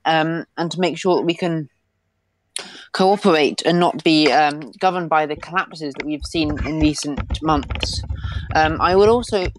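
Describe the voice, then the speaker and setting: A woman answering as a panelist in a political debate, pausing often with many ums. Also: sits low, slight background noise, rough recording.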